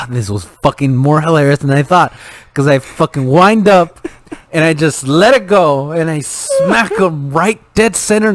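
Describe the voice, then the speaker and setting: A young man co-hosting a podcast, telling swear-filled stories in casual, animated chat. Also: fairly high pitch, no room sound. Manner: profane, animated storyteller. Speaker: podcast co-host.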